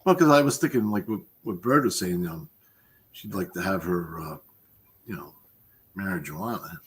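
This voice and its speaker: A man's voice: low voice, moderate pace. A man chatting casually on a live stream, easygoing and teasing, laughing often. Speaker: guest co-host.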